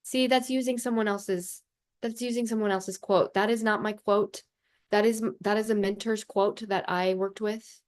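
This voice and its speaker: A woman's voice: mid-range voice, fairly even intonation, normal speed. A woman coach talking straight to camera in a casual vlog, chatty and passionate, blunt, swearing and saying "like" a lot. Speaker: life coach.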